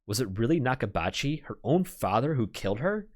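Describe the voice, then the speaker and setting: A man's voice: mid-range voice, big pitch swings, fairly quick, few pauses. A man streamer reading a visual novel aloud, narrating earnestly and anxiously.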